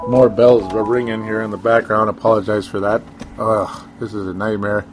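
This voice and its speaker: A man's voice: lowish voice, level tone, moderate pace, faint music behind. A man co-hosting a sports talk show, rambling casually with chuckles and sarcastic asides.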